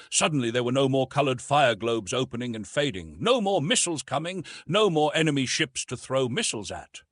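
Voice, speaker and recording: A man reading a science-fiction audiobook aloud in an expressive, storytelling way. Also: medium pitch, husky, no echo, clean studio sound. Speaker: audiobook narrator. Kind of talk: scripted audiobook narration.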